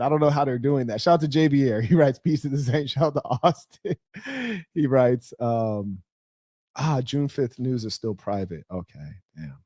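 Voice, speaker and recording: A man's voice: mid-range voice, normal speed, no room sound. Man talking candidly on a dry mic. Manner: candid, animated storytelling with loud mock outbursts. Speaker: host of a relationship advice show. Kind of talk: casual livestream talk reading viewer messages.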